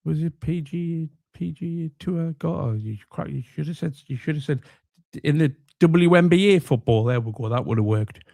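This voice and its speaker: Guy taking the piss, rambling on, warm lowish tone, dead dry mic. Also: animated, moderate pace, gravelly, no room sound. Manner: sarcastic, rambling, teasing. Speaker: comedy commentator. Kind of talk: mocking commentary.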